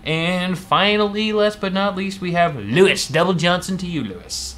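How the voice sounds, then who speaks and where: A man's voice: sits high, normal speed, a bit bright. A man co-hosting a live tech show, joking playfully and laughing often as he thanks viewers. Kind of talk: casual live-stream chat.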